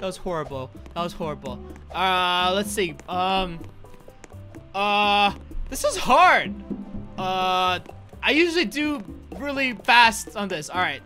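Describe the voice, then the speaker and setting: A man hosting a gaming video, hyped and joking with loud bursts of excitement. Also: high voice, slow, faint music behind. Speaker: gaming YouTuber host. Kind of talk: excited let's-play commentary.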